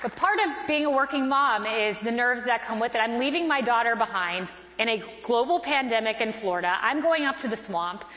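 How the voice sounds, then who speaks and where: A woman in her thirties speaks from a conference stage, earnestly telling a personal story and acting out the lines of the people in it. Her voice sits a little high. The sound rings through a large hall with a long reverb tail. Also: lively intonation, brisk, hardly any pauses, pushed and bright, a little hiss or hum. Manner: earnest storytelling with quoted dialogue.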